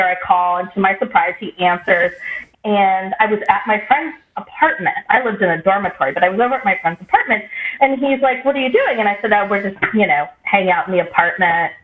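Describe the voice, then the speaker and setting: A woman co-hosting a podcast, telling a story in casual chat and quoting people in lively voices. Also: mid-range voice. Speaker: podcast co-host. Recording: echoey room over a tinny phone-like line with faint noise.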